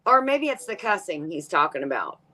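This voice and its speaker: Lively Southern woman hosting a chat. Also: fairly low pitch, fairly quick. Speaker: host of the chat. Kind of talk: casual live-stream chat.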